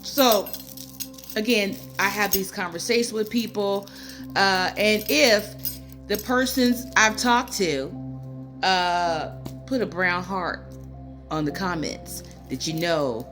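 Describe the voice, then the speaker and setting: A woman's voice: lowish voice, slow, a bit bright, soft background music. Tearful woman talking into her phone. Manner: rambling, personal, with many fillers and asides. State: tearful, near crying. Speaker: spiritual channel host. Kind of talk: casual spiritual talk to viewers.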